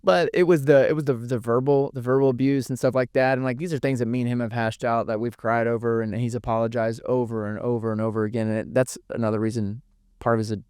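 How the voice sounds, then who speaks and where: A man's voice: mid-range voice, steady tone, quick pace, darkish tone, clean tone, dry recording, clean studio sound. A young man giving an earnest, emotional podcast interview, swearing freely and repeating words as he talks. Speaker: podcast guest. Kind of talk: candid emotional interview talk.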